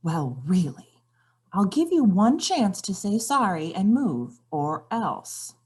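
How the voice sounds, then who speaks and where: A woman voicing a prim, stern witch who speaks slowly and threatens. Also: medium pitch, very animated, a little mellow, husky, exaggerated voice. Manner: prim, slow and menacing.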